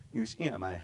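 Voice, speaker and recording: A middle-aged man teaching a language class in a relaxed, chatty way. He slowly repeats words for the learners to practice. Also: on the low side. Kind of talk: casual language lesson.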